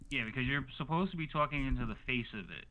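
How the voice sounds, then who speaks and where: A man's voice: mid-range voice, fast, a crowd in the background, rough recording. A man playing in a tabletop game over a video call, explaining things in a matter-of-fact way. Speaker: player. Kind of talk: casual tabletop game chat.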